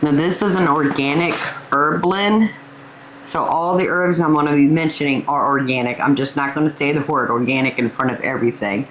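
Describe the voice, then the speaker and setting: A woman's voice: sits low, normal speed, a little hiss or hum, rough recording. An older woman, hosting a casual cooking vlog and calling her viewers family as she tastes her food. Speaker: cooking channel host.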